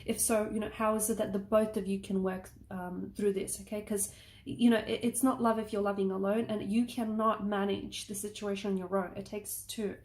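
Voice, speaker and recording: Her voice sits in the middle range, a little mellow, with flat delivery at normal speed. She's a tarot reader giving a casual, rambling, reassuring reading, checking in with "okay?" again and again, in an echoey space with slight noise.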